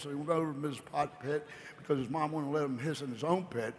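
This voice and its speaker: High-voiced man, playful rambling storyteller on a convention stage, long hall reverb. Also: quick pace, a little hiss or hum. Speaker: company founder speaking on stage. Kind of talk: motivational storytelling.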